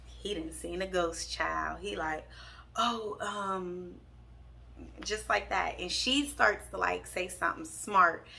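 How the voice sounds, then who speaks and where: A woman's voice: on the low side, measured pace, creaky, bright, forceful tone. A young woman telling a candid, sassy storytime to her viewers, calling them y'all. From Pittsburgh. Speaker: vlogger. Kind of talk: storytime vlog.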